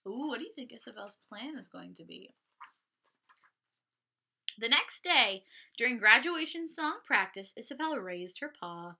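Librarian reading aloud to kids: high, lively and slow, bright tone. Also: female voice. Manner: animated and encouraging, talks to children. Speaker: children's librarian.

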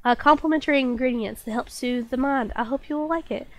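A woman's voice: sits high, brisk, close to an everyday voice. A woman recovering from a cold and reading out a courteous letter from a dutiful female secretary. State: recovering from a cold, stuffy nose.

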